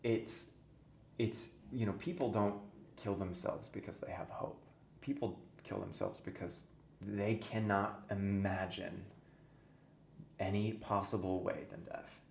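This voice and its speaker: A man's voice: fairly low pitch, steady tone, unhurried, vocal fry, a little mellow. A man guest on a podcast, telling his own story earnestly and intensely, his voice sometimes sinking to a near-whisper. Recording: echoey room with faint noise.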